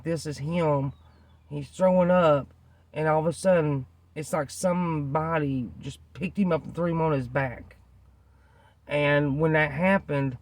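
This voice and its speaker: An earnest, rambling man tells a personal story in casual, repetitive talk. His voice sits a little high for a man and has a gravelly rasp. The sound is dry and close, with no room echo. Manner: earnest, rambling, repeats himself, many fillers. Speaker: vlogger telling a personal story.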